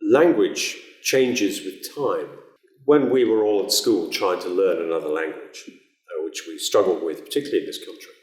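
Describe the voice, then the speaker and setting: A man, an actor, giving a chatty, informal talk on how to speak an old form of English, with plenty of uhs and pauses. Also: low voice. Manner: relaxed, chatty, with many uhs. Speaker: actor teaching Middle English. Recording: roomy echo.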